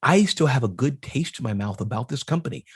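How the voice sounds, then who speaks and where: A middle-aged man, an entrepreneur guest, talking business advice in an energetic, emphatic way and ticking off numbered points. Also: mid-range voice, a little fast, slightly rough. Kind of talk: casual business interview.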